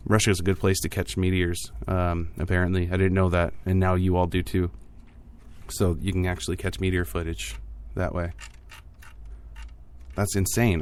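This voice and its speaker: Casual podcast host, male, deep voice, jokey offhand delivery. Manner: jokey, offhand asides with frequent fillers. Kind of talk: casual tech news podcast.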